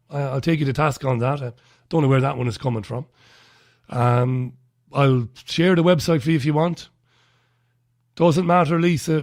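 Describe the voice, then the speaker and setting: A man's voice: fairly high pitch, a little mellow, dry recording, clean studio sound. A man with an Irish accent hosting a talk radio show, giving blunt, scornful commentary and reading out listener messages.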